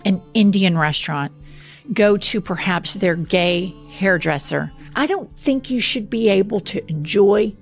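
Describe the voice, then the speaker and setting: A woman's voice: medium pitch, measured pace, vocal fry, soft background music. A woman speaking with sarcastic indignation.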